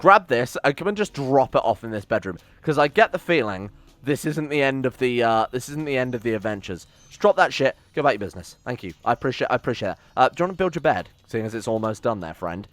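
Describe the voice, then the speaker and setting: Excitable, swearing man playing a game. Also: medium pitch, fast, dry recording. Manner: excitable, swears, talks to his colonists. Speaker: game streamer. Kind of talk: let's-play commentary.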